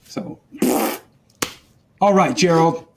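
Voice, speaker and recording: A man's voice: fairly high pitch, very slow, background noise. A man playing a tabletop game in character, rambling defensively with comic self-pity. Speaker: player voicing his character. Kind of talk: in-character tabletop role-play.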